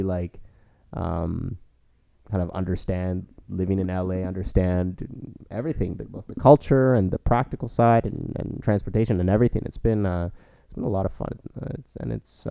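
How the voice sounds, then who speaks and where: A man's voice: sits low, gravelly, warm tone, clear, resonant tone, no room sound, clean studio sound. A young man co-hosting a podcast, telling stories in a rambling casual way with many fillers. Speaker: podcast co-host. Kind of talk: casual storytelling chat.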